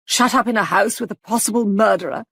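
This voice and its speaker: A woman voicing a haughty, sharp-tongued older woman who complains with scorn. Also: mid-range voice, quick pace, creaky, breathy edge, no room sound, clean studio sound. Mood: scornful.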